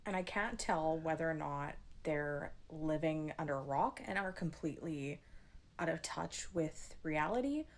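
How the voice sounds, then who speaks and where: Low-voiced exasperated woman. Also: expressive, measured pace. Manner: exasperated, filler-heavy. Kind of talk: casual social media rant.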